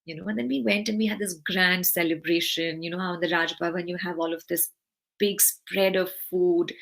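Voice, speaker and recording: A woman's voice: on the low side, creaky, a bit bright. A young woman telling a heartfelt personal story about her teacher, acting out the dialogue. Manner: earnest, heartfelt, acts out quoted dialogue. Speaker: guest sharing devotee stories.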